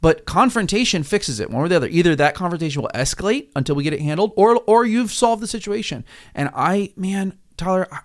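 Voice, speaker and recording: Earnest co-host, higher voice. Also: male voice, animated, fast talker, few pauses. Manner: earnest, gets worked up. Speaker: ministry leader and podcast co-host. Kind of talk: casual podcast conversation.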